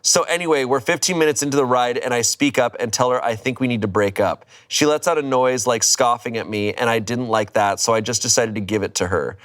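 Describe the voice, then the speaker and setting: With hardly any pauses, a man with a mid-range, fairly bright voice reads a story a little fast. He hams it up casually, swearing, laughing, and pretending to be outraged.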